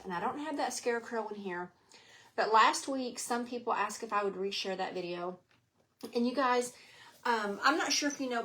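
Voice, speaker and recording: A woman's voice: medium pitch, vocal fry, a bit bright, a little hiss or hum. A middle-aged woman hosting a live craft stream from home, chatty and rambling, slightly out of breath. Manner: chatty, rambling, greets viewers by name. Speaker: craft show host.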